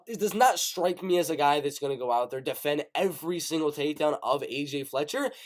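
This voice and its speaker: A man hosting a casual live show, giving animated, rapid-fire fight predictions with play-by-play bursts. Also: fairly high pitch. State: coughing, sick. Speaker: MMA prediction show host. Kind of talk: casual live-stream commentary.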